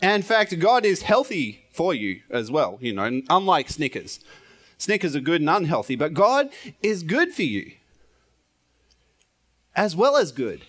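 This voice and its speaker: Playful, lively-voiced male pastor. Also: a little high, a little slow, long pauses. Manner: playful, chatty, laughs often, self-deprecating. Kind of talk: informal sermon. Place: church.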